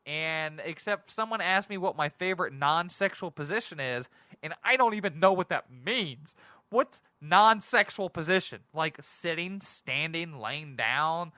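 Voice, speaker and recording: A man hosting a casual solo talk show, rambling and excitable, often laughing at himself. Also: on the high side, measured pace, no room sound. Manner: rambling, giggly, self-deprecating; excitable and animated. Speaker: podcast host.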